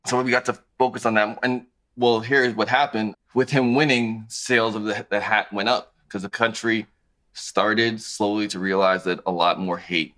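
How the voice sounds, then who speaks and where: A man in his thirties, a podcast guest talking about his clothing brand in a relaxed, conversational way. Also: lowish voice, normal speed. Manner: relaxed, conversational, thinks aloud with restarts. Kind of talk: casual interview chat.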